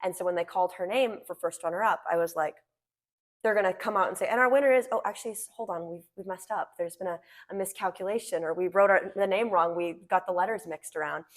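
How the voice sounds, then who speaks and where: A teenage girl from Washington State, a pageant titleholder, telling stories in a chatty, animated way with lots of "like". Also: fairly low pitch, fast. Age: teens. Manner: chatty, animated storytelling, frequent "like". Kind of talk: casual interview chat.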